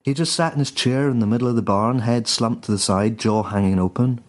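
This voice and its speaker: A man reading a dark comic story in a dry, deadpan way. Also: mid-range voice, brisk. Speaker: narrator.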